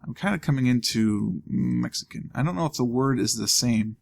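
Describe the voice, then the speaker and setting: A man with a gravelly, creaky voice talks through a video game in a loose, casual way. He thinks out loud and throws in dry little jokes as he goes. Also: mid-range voice, moderate pace. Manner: thinking aloud, wry asides. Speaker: let's play host. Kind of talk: casual gameplay commentary.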